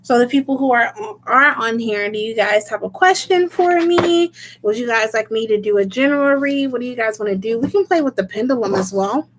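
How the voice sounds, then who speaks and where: A woman's voice: on the high side, animated, brisk, noisy background. A woman doing a casual livestream as a tarot reader, chatting, laughing often and greeting viewers by name.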